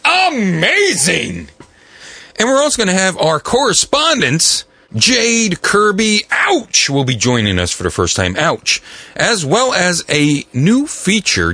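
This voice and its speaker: Animated, bright-voiced podcast host man. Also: a little high, unhurried, dry recording. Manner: animated, enthusiastic. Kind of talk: casual podcast talk. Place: podcast studio.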